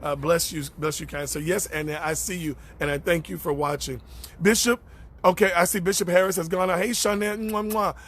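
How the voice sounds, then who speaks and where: A man's voice: sits high, steady tone, normal speed, a bit bright. A man ministering on a live stream, reading out and answering viewer comments in a preacherly way and repeating phrases for emphasis. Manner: greets viewers by name between thoughts.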